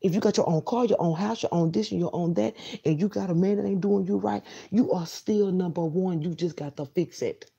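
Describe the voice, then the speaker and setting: A woman's voice: on the low side, fairly quick, creaky, few pauses, warm tone, husky, muffled recording. A woman, bluntly lecturing her viewers in a motivational rant and repeating lines for emphasis. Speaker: vlogger.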